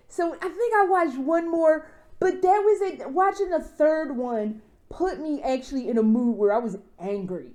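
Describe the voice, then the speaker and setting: A woman vlogger in a rambling, profane, animated rant, full of fillers and restarts. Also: high voice, normal speed. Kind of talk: casual rant.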